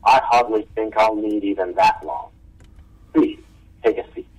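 A man's voice: fairly low pitch, unhurried, recorded from a distance, rough recording. A man doing a haughty, clipped older villain. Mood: annoyed. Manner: haughty and curt. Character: haughty, annoyed older male villain, businesslike.

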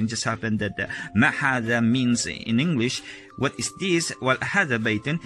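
A man teaching a casual video lesson, explaining step by step and repeating each word slowly. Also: medium pitch. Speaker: Arabic teacher.

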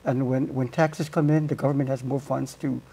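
Gravelly-voiced halting candidate man. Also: medium pitch, fairly even intonation, mellow. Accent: Guam. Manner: halting, many fillers. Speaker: senatorial candidate. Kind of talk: answering panel questions.

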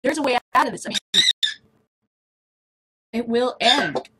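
A woman's voice: fairly high pitch, expressive, unhurried, noisy background. A middle-aged woman hosting a casual video blog, rambling to the camera with frequent laughter. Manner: chatty, laughs often, drifts between topics. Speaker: vlog host.

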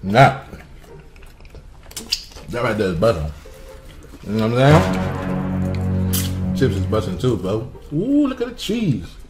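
A man's voice: fairly low pitch, sing-song, slow, pauses often, over music. A young man hosting a casual mukbang vlog, teasing his kid playfully while he eats. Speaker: family vlogger and dad.

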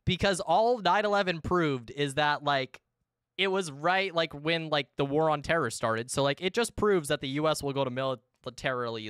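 A woman in her twenties, chatting casually and excitably with viewers while streaming a game, swearing freely. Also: low voice, smooth, no room sound, clean studio sound. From United States. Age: 20s. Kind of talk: casual live-stream chat.

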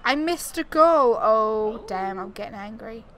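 A woman's voice: fairly high pitch, lively intonation, unhurried. Chatty woman gamer, crowd noise behind. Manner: chatty, exclaiming, talks to herself while playing. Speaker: gaming YouTuber. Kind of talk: casual let's-play commentary. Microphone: desktop USB mic.

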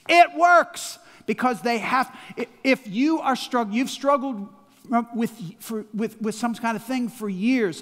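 A man's voice: extremely high pitch, lively intonation, a little slow, a bit bright. A man in his sixties with a Midwestern American accent, a pastor preaching a sermon with emphatic call-and-response, recorded in a large church hall. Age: 60s. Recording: long church-hall reverb.

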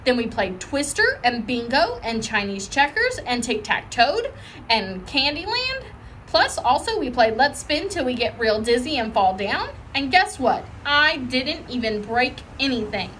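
A woman reading a children's chapter book aloud in a lively, expressive way. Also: high voice, a little slow, a little hiss or hum. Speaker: audiobook reader. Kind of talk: storybook read-aloud.

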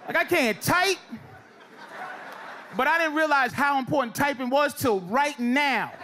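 A man doing a stand-up comedy set on stage, ranting loudly with shouted bursts. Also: extremely high pitch, a little slow. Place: comedy stage before a live audience. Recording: live show with loud crowd noise. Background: audience laughter.

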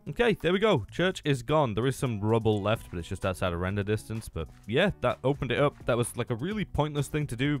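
A young man giving playful, excitable commentary on his Minecraft game, taunting the mobs and laughing often. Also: fairly low pitch. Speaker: gaming YouTuber. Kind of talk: Minecraft let's-play commentary.

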